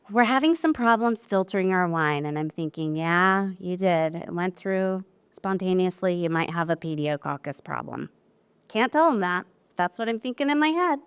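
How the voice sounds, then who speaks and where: A woman giving a live technical seminar talk about winery lab work, chatty and candid with animated asides. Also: mid-range voice, clear, resonant tone, dry recording. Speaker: wine lab technical presenter.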